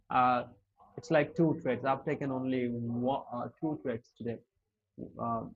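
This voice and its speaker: A man in the middle of his pitch range talks straight to his stream chat, swearing constantly and calling them "dude" and "bro" in an exasperated way. His voice is husky, and he is smoking a cigarette as he speaks. The audio is muffled and lo-fi. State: smoking a cigarette while talking. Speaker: live trading streamer. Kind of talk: live-stream commentary to chat.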